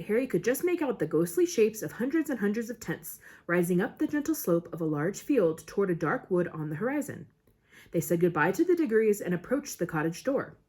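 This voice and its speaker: A woman reading a novel aloud in an expressive way, with small slips now and then. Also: mid-range voice, breathy edge. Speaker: audiobook reader.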